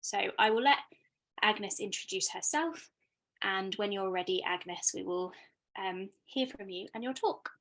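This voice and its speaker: A woman's voice: medium pitch, measured pace, fairly bright tone. A British woman hosting an online artist talk over a video call, friendly and hesitant with frequent fillers. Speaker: host. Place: home room with bookshelves.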